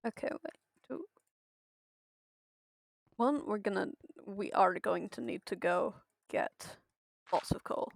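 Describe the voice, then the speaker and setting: A woman's voice: mid-range voice, lively intonation, slow pace, creaky, pauses often, no room sound. A young woman streaming a building game, thinking aloud in a hesitant way and chatting to her viewers. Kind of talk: casual commentary while playing a building game.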